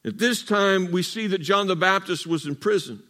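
A high-pitched man preaching in a church sanctuary. He leads his congregation in call-and-response, slowing down and stretching out the words he wants to land. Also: pushed and bright. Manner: call-and-response preaching, drawn-out emphatic phrases. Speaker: pastor. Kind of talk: sermon.

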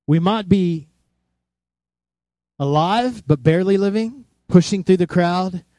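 Animated male preacher, dry close sound. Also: sits high, slow, no room sound. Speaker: pastor. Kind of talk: sermon.

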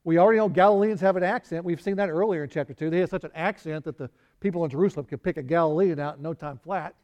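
A man's voice: on the high side, very fast, a little mellow. A man preaching a conversational Bible sermon, acting out quoted lines with small laughs and sighs. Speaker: pastor.

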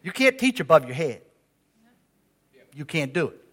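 An older man preaching a sermon as pastor, conversational and lively, calling out questions to the congregation in a church. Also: a little high, moderate pace. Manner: lively, conversational preaching with audience call-outs.

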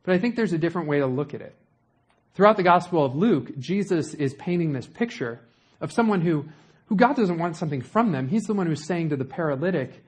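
A man's voice: a little high, animated, moderate pace, darkish tone, breathy edge. A young man preaching a sermon in a conversational way, with joking asides to the congregation.

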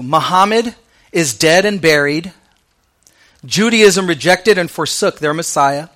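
Bright-voiced male pastor preaching. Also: on the high side, animated, measured pace. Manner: conversational preaching with slang asides; drops to soft, quiet delivery on key lines. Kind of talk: sermon.

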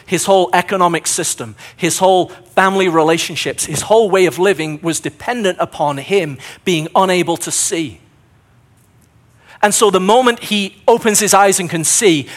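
A man preaching a sermon in an earnest way, building his points through repeated phrases, his voice a little strained. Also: high voice. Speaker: pastor.

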